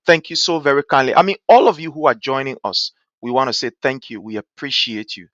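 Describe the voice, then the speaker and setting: A man's voice: medium pitch, fairly bright tone, no room sound. A man with a Liberian English accent hosting a live-stream talk show, greeting viewers by name with effusive thanks and pleading appeals. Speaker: livestream show host. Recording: dull, dry lo-fi stream audio.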